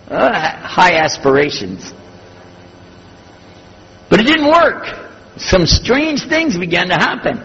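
An older man telling a story from his years as a preacher, husky and animated, acting out the dialogue. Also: a little high. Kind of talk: storytelling talk. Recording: lo-fi recording in a reverberant hall.

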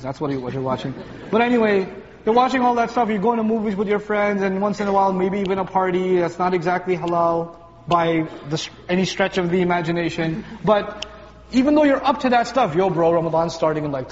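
A man with a fairly high voice preaches a lively, joking sermon, slipping into funny voices for everyday scenes. His voice rings with a long reverb through a large hall, the sound a bit dull, with faint room noise underneath. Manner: animated, acts out little scenes with funny voices, rising pitch when emphatic. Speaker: speaker at a Ramadan talk. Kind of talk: lively sermon to young audience.

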